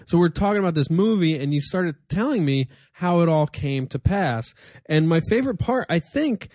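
A man's voice: fairly high pitch, animated, moderate pace, a little mellow, dry recording, clean studio sound. A man hosting a comedy podcast, chatting casually with a guest and rambling through his questions with restarts. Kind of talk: casual interview chat.

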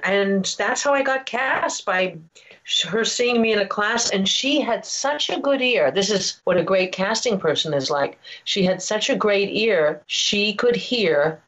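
A woman's voice: medium pitch, a bit bright, muffled recording. A woman voice actor telling a story in a casual interview, rambling with many restarts and asides.

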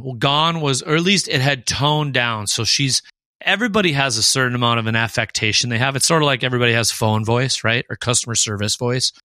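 A man's voice: medium pitch, sharp tone, no echo, clean studio sound. A man with a Midwestern accent co-hosting a podcast in casual chat, rambling and thinking aloud. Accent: Midwestern American. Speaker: podcast co-host.

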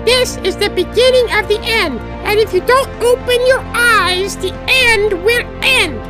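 A performer voicing a male red puppet monster who rants paranoid conspiracy theories in a squeaky falsetto, over music. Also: unhurried. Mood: ranting. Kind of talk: parody ad with music. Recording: loud music behind.

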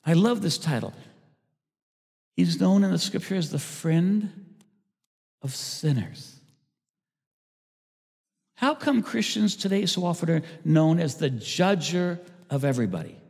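A man, a pastor, preaching a sermon, swinging between loud emphasis and hushed asides. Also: on the high side, animated, unhurried, gravelly, pauses often, husky. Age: older. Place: church sanctuary. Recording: church hall reverb.

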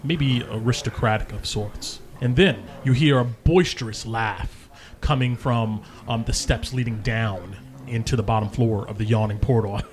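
A man's voice: lowish voice, normal speed. A man narrating as game master, casual and full of fillers. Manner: casual, many ums and hedges.

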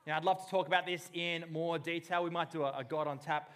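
A man delivering a sermon with real passion. His voice sits a little high, and he drops to near-hushed lines before building into loud, urgent bursts. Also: fairly even intonation, fast talker. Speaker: pastor.

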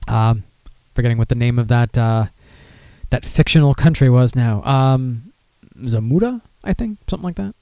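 A young adult man hosts a casual beer podcast, reading news stories aloud in a rambling, profane, self-deprecating way full of fillers. His mid-range voice is warm, with lively intonation and a normal pace, recorded dry.

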